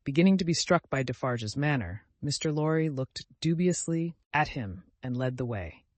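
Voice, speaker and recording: A man narrating an audiobook in a measured, even delivery. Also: on the high side, no echo.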